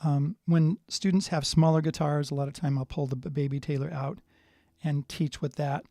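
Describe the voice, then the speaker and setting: A man's voice: a little high, moderate pace, gravelly, no echo, clean studio sound. A man giving a live guitar lesson, chatting and thinking aloud as he tunes and plays. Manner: relaxed, thinking aloud while tuning. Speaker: guitar teacher. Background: guitar playing.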